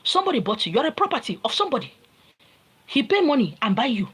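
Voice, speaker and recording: A woman's voice: high-pitched, big pitch swings, fast talker, fairly bright tone, poor audio. A woman with a Nigerian accent giving an informal spiritual teaching, talking in an emphatic, repetitive, lecturing way.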